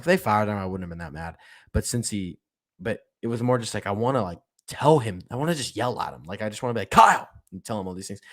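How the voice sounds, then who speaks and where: A man's voice: fairly low pitch, fairly bright tone. Fired-up man ranting on a sports podcast. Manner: fired-up, emphatic, repeats himself. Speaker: podcast host. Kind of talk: solo sports podcast rant.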